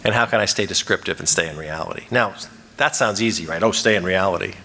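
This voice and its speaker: A man giving a lively lecture at a conference, asking the audience questions and acting out quoted lines. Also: deep voice, fast, slight background noise. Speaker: conference speaker. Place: conference hall. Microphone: microphone. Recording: reverberant lecture hall.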